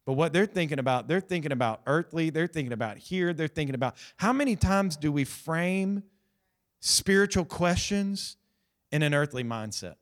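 A male pastor, preaching a sermon and telling the story in a lively, conversational way, acting out the voices of the people in it. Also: a little high, moderate pace. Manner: animated storytelling, acts out quoted voices; conversational, addresses the congregation directly.

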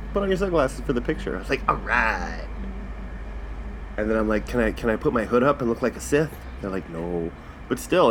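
A man's voice: mid-range voice, slight background noise. A man hosting a casual comedy podcast, ranting with lots of swearing. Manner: profane, animated ranting. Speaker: podcast host.

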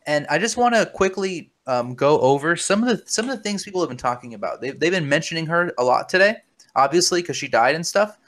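Mock-serious man, quite high voice. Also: expressive, fairly quick, fairly bright tone. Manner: mock-serious, conspiratorial, stammers on repeats. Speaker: podcast host. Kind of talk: comedic deadpan chat.

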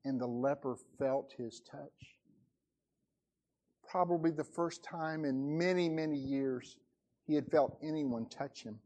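A male pastor preaching a sermon, dramatic, his voice rising to cries and dropping to a hush. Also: a little high, takes it slowly.

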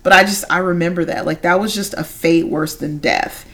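A woman in her thirties, a podcast co-host in casual chat, telling lively stories and acting out quotes with frequent laughter. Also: on the low side, normal speed. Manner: animated storyteller, acts out quotes, frequent laughter.

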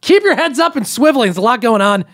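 High-voiced podcast host man. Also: dry recording, studio quality. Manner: animated, jokey, quick to laugh. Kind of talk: casual chat.

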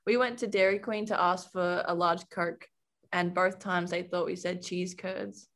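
A woman's voice: lowish voice, fairly even intonation, unhurried, fairly bright tone. A young woman from Australia with an Australian accent, a guest in a casual interview, giggly and saying "like" often. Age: young adult. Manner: giggly, says "like" a lot. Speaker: guest, college athlete.

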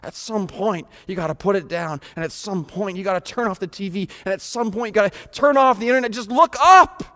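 High-voiced man preaching in a big hall. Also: fast. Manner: preaching with dramatic swings from hushed to shouting. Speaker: pastor. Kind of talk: sermon.

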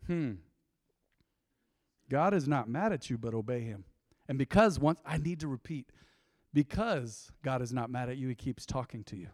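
A man preaching a sermon, swinging between loud swells and quiet, intimate drops. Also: medium pitch, expressive, normal speed, long pauses, dry recording, studio quality. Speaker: pastor. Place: church.

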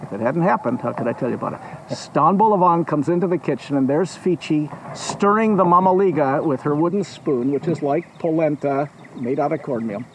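Male storyteller, high voice, very lively pitch, playful, chatty asides, faint background noise. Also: fairly quick, low-quality recording. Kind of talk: live folk-tale storytelling.

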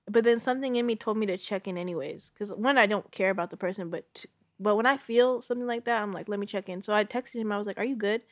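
A woman's voice: medium pitch, fast, no room sound, clean studio sound. Young woman telling a wild story. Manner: animated, acts out quotes. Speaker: guest. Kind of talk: casual storytelling chat.

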